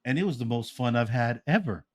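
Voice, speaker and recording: A man co-hosting a podcast, telling stories in a loud, profane, animated way. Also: mid-range voice, fairly quick. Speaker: podcast co-host. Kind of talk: casual podcast chat.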